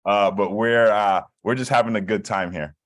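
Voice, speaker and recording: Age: 40s. Relaxed man from Saint Kitts. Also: on the low side, normal speed, dry recording, clean studio sound. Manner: relaxed, chatty storyteller with many fillers. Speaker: guest. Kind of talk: casual interview over video call. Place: hotel room. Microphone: video call.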